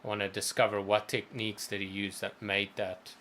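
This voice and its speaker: A man with a somewhat low voice talks through his ideas slowly on a gaming livestream. He rambles and restarts his sentences as he thinks aloud. There is faint background noise behind him. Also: completely flat delivery, bright, forceful tone. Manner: thoughtful, rambling, many restarts. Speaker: co-host of a gaming stream. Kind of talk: casual chat.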